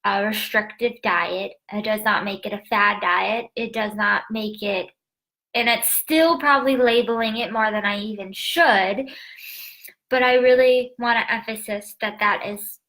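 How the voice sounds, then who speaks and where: A woman's voice: mid-range voice, steady tone, unhurried, sharp tone. A young adult woman dietitian talking casually to a phone camera, emotional and laughing often, with many fillers and asides.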